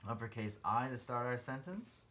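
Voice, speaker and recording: A man's voice: medium pitch, lively intonation, normal speed, pushed and bright. A man teaching a guided writing lesson to kindergarten children, spelling words out letter by letter and encouraging them in a friendly way.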